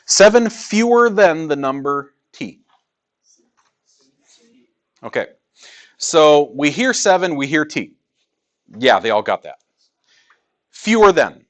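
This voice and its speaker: A man's voice: fairly high pitch, very animated, takes it slowly, long pauses. A male math teacher teaching a class in a classroom, joking with students and asking rhetorical questions.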